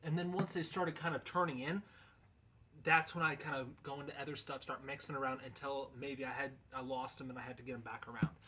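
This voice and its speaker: A man's voice: mid-range voice, fairly even intonation, fairly quick, pushed and bright, slight background noise. A man in a casual instructional video, explaining goose calling in a loose, folksy, conversational way.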